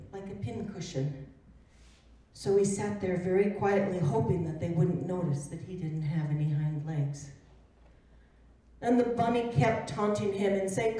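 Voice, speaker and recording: A woman storyteller telling a children's tale live in a gentle, expressive way, heard from a distant mic in a performance hall. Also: mid-range voice. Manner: slow, gentle, expressive narration. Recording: roomy echo from a distant mic.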